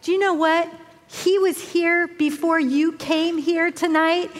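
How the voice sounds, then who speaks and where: A woman's voice: extremely high pitch, steady tone, slow. Older woman preaching in a reverberant hall. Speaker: speaker at a women's event. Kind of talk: sermon.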